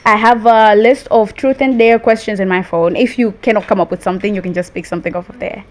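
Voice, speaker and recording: A young woman hosting a casual chat, giggly and quick when nervous. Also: mid-range voice, fairly even intonation. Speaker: host.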